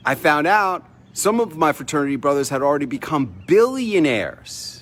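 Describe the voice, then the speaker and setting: A middle-aged man hosting a casual vlog from his home, telling a personal story with lively delivery and acted-out dialogue. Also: on the high side, moderate pace, hardly any pauses, a little hiss or hum. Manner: animated storyteller, acts out quoted dialogue. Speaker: vlog host. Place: home in Mexico.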